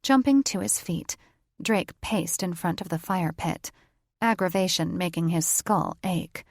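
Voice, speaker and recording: Slow, gravelly woman narrator. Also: fairly low pitch, darkish tone, no room sound, studio quality. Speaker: audiobook narrator. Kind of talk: scripted narration.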